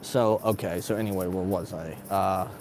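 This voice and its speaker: A man's voice: low-pitched, fairly even intonation, moderate pace, noisy background. A man, a stand-up comedian, ranting in a casual monologue, agitated and profane, laughing between his complaints.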